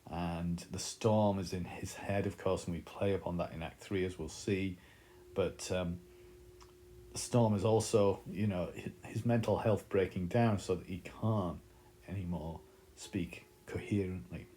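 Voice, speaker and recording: A man's voice: low voice, fairly even intonation, unhurried, mellow, a little hiss or hum. A man teaching a literature lesson, explaining in a thoughtful way with frequent fillers.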